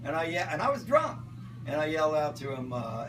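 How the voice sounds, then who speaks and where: An older man telling a rambling personal anecdote, acting out voices and breaking into shouts. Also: on the high side, fast, noisy background. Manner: animated, acts out voices and shouts in his stories. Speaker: storyteller. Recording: distant mic with loud music behind.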